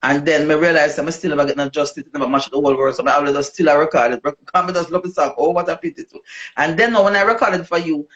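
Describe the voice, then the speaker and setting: A woman with a Jamaican accent, a dancehall artist telling her story in a casual interview, animated and slipping into patois. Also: low voice, very fast. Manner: animated, switches into patois, acts out quoted voices. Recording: dull lo-fi recording.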